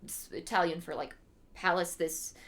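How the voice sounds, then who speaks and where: A woman's voice: lowish voice, normal speed, a bit bright. A woman streamer reading a classic story on a livestream and explaining it in casual asides that are full of "like".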